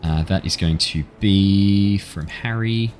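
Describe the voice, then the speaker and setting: Deep-voiced man running a tabletop game. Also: slow pace, darkish tone, faint music behind. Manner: casual, many fillers, laughs at his own jokes. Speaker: dungeon master.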